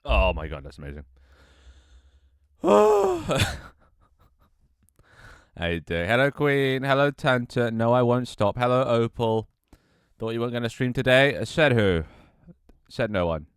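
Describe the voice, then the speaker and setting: A man's voice: mid-range voice, expressive, normal speed, smooth, no echo, studio quality. A tired, out-of-breath young man chatting casually with his livestream audience, sighing and swearing offhandedly. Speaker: Twitch streamer.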